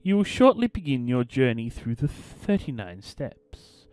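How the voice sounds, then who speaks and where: A man's voice: medium pitch, very animated, a little slow, darkish tone, clean tone, dry recording. A man hosting a let's play, commenting casually and reading game text aloud in a theatrical storytelling way. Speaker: gaming channel host.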